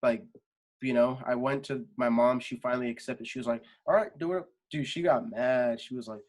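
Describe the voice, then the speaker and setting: A man's voice: medium pitch, little pitch movement, a little fast. A young adult man, a singer guest on a podcast, talking casually and rambling with lots of fillers and swearing. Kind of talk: casual interview chat.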